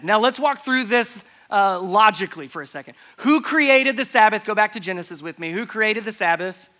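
A man delivers a sermon, walking through a scripture passage in a conversational, explaining way. His voice sits high and sounds bright and forceful. He keeps asking the listeners rhetorical questions. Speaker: pastor.

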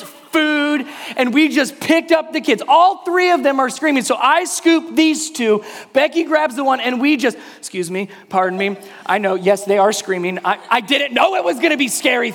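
High-voiced storytelling man in a reverberant hall. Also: vocal fry. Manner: animated, acts out kids' voices in high shouts. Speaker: pastor. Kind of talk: sermon illustration, storytelling.

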